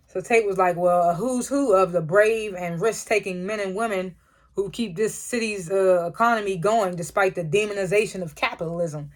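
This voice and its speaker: Casual TV recapper: chuckly, profane, rattles off quoted dialogue scene by scene. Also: mid-range voice. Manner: chuckles often while retelling scenes; acts out characters' lines in quick quotes. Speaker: TV episode reviewer.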